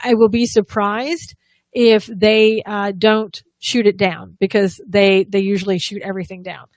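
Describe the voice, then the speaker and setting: Woman, political talk host, mid pitch, dry close sound, halting opinionated delivery. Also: no echo. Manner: talks in restarts and fillers, sarcastic asides.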